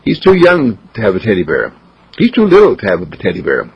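A man voicing a worried young mother who frets over her newborn, in a husky, gravelly voice. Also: fairly low pitch, wildly swooping pitch, a little fast, heavily acted. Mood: fretful. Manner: fretful, protective. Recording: dull lo-fi recording.

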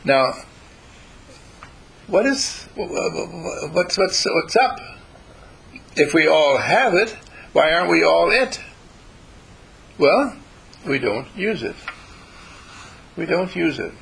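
A man giving a spiritual talk to a group, halting and repeating words as he teaches. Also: fairly high pitch, very animated, creaky, a bit bright, husky, poor audio. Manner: halting, repeats words, acts out quoted voices.

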